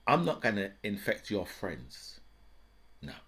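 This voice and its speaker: A man voicing the coronavirus as a sly, choosy schemer, speaking low and hushed. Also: huge pitch swings, slow, heavily acted.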